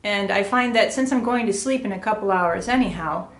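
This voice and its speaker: A middle-aged woman from the United States talks straight to camera in a casual, animated vlog style, chatty and a little self-deprecating. Her voice sits in the middle of the range for a woman. The room is noticeably roomy and echoey, and soft music plays faintly underneath. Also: mid-range voice, a little fast. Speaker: vlogger.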